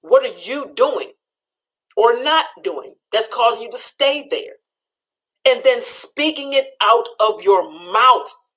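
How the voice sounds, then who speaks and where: A woman's voice: on the high side, expressive, slow pace, fairly bright tone, low-quality recording. Firm, affirming woman talk host. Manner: firm, affirming, speaks in commands. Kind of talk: motivational talk show.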